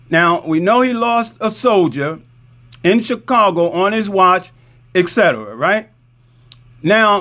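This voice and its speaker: A man's voice: high voice, a bit bright. A middle-aged man from Newark, an imam telling a community story in a conversational way, repeating points and checking in with "right?". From Newark, New Jersey. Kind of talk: community talk with show-and-tell.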